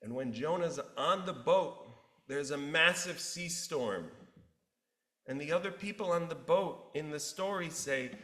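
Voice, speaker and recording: A male pastor preaching a sermon, an animated storyteller who acts out the characters. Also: a little high, a little slow. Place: church sanctuary. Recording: roomy church echo.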